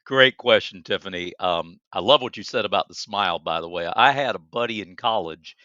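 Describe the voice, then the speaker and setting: A man co-hosting a casual motivational chat, animated and encouraging, often searching for words. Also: fairly low pitch, a little fast, no room sound. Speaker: co-host. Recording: dry, slightly muffled lo-fi audio.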